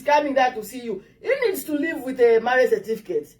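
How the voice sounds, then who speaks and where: A woman's voice: high-pitched, animated, fairly quick, a little mellow, recorded from a distance. A woman with an African English accent giving direct, coaxing dating advice to her viewers in a casual monologue.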